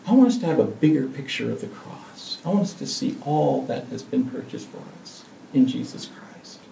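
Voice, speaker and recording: A man delivers an earnest, emphatic sermon, swinging between hushed and loud passages. His voice is gravelly and mellow, sitting a little high. The sound is roomy and picked up from a distant mic in a church. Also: animated, moderate pace, slight background noise. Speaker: pastor. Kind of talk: sermon with closing prayer.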